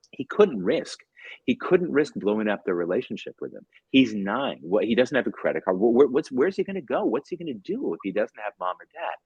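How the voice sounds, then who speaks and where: A man in his fifties, a tutor and author, telling a story as a podcast guest in a lively way, acting out bits of dialogue and often repeating words. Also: on the low side, husky, no room sound, lo-fi sound.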